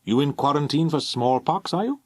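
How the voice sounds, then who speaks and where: Welsh teenage boy, mocking, sardonic, lively, dry close sound, audiobook reading, done by a man. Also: on the high side, normal speed, dry recording, voice pushed up. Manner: teasing, sardonic.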